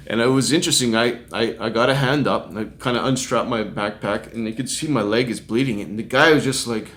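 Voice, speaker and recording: A man's voice: medium pitch, normal speed, fairly bright tone. A middle-aged man, a street minister, telling a personal testimony story and often chuckling as he recounts it. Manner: chuckles often while recounting, acts out quoted voices.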